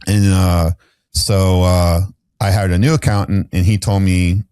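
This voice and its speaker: Deep-voiced man telling a candid story. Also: flat delivery, measured pace, dark tone, clean tone, no room sound, studio quality. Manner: rambling, frequent restarts and fillers. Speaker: podcast guest.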